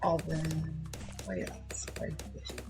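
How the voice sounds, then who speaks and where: A woman's voice: sits low, slow pace, gravelly, poor audio. A young woman streamer chatting casually while playing a video game, giggly and repeating words as she thinks. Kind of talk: casual gaming stream chat. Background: faint game music.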